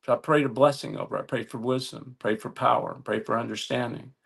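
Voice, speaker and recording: A man preaching a sermon, telling a story earnestly with halting restarts and building to emphatic appeals. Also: mid-range voice, fairly even intonation, gravelly, a bit bright, breathy edge.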